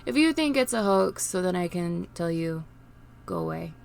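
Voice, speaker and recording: Grieving woman with a gravelly low voice. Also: expressive. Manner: emotional, pleading, halting with restarts. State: grieving, near tears. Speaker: streamer and vlogger. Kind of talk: unscripted emotional vlog.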